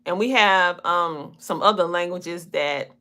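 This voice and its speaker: A woman's voice: lowish voice, unhurried, pushed and bright. A woman in her forties with a Southern US twang, a podcast host and coach talking casually to viewers, her words drawn out and looping, often laughing. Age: 40s. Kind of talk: casual livestream talk to viewers.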